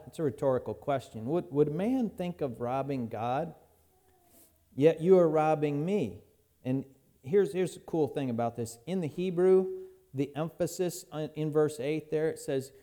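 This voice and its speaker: A man's voice: on the high side, mellow. A man preaching a sermon as pastor in a church, folksy and conversational, often restarting his phrases.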